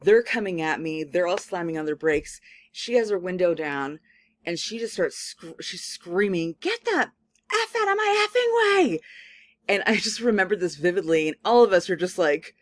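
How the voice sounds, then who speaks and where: Woman lecturer, conversational and animated, loose filler-heavy delivery, dry recording. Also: lowish voice, normal speed, no echo. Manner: casual, animated storytelling full of "like" fillers. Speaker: communication studies professor. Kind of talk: recorded lecture with personal anecdote.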